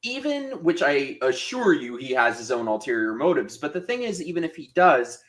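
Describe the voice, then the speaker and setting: A man's voice: on the high side, very animated, moderate pace. A man appearing as guest co-host on a live show, talking casually with sarcastic, ranting energy. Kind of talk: casual live-stream chat.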